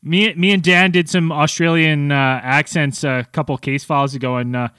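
A man hosts a podcast in easy, rambling chat with plenty of fillers. His voice is bright and fairly high, recorded close and dry. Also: fairly even intonation, normal speed, smooth, no echo. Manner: loose, rambling, with many fillers and laughs. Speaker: podcast host. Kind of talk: casual chat.

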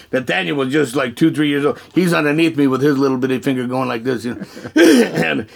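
Gravelly man telling an animated story. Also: medium pitch, moderate pace. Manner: lively, laughing, repeats words. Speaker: guest telling a testimony.

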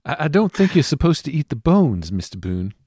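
A man at a tabletop game, making wry jokes with a lively, rising and falling voice. The sound is dry and close. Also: fairly high pitch, a little fast, slightly rough, no echo. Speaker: player. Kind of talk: tabletop role-play banter.

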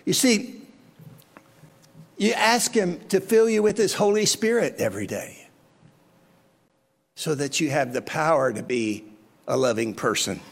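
A man's voice: a little high, animated, a little slow, pauses often, big-room sound. A male pastor preaching a sermon, earnest and full of rhetorical questions to his listeners.

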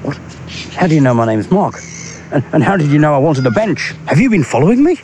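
A man playing a jumpy, paranoid man who stammers excitably. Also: a little high, a little fast, slight background noise.

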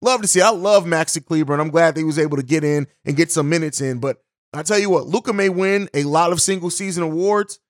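A man's voice: a little high, fast talker, dry recording, clean studio sound. A man hosting a basketball podcast, giving blunt, opinionated solo commentary with casual swearing and frequent restarts. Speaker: podcast host.

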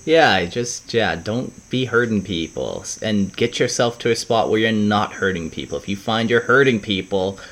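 A laid-back male podcast co-host with a fairly low voice. He keeps the chat casual and agreeable and laughs often. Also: moderate pace, few pauses, a bit bright.

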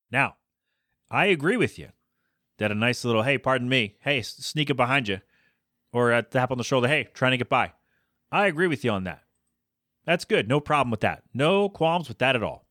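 A man hosting a solo podcast, talking casually and ranting with exasperation, his voice climbing higher as he gets worked up. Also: lively intonation, moderate pace, pushed and bright, dry recording, clean studio sound. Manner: conversational with frequent fillers and self-corrections. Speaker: podcast host.

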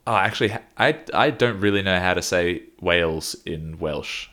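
A man's voice: low-pitched, moderate pace, sharp tone. A man co-hosting a casual podcast, telling long rambling stories and laughing often. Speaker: podcast co-host.

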